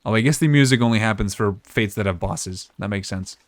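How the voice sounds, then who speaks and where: A man giving casual, relaxed gameplay commentary as a streamer, chatting and thinking aloud. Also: fairly low pitch, fairly quick, no echo.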